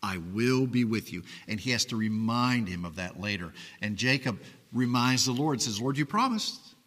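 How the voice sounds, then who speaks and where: A man preaching a sermon as pastor, earnest and pleading, often dropping to quiet emphasis. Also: on the low side, moderate pace, big-room sound.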